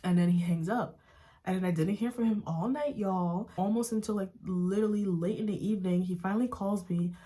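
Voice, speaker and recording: A woman's voice: medium pitch, fairly quick, mellow. A young woman from the United States telling a personal story to her viewers in a casual, chatty way, saying "like" constantly and calling them y'all. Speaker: vlogger.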